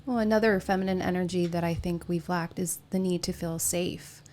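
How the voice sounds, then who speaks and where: A woman in a casual spiritual podcast chat, calmly explaining her ideas. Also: lowish voice, a little fast, a little hiss or hum. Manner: calm, explanatory, with short affirmations.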